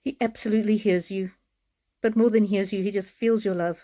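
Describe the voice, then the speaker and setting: Female card reader on a live stream; mellow, heartfelt, slightly tearful delivery. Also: mid-range voice, steady tone, fairly quick. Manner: gentle, repetitive, heartfelt.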